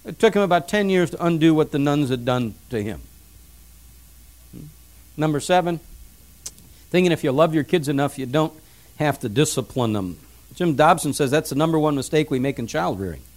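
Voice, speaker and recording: Middle-aged guy preaching, pretty high voice, tells stories about his kids, repeats stuff for emphasis. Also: big pitch swings, moderate pace, pauses often, a little mellow. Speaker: pastor. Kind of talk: sermon on parenting.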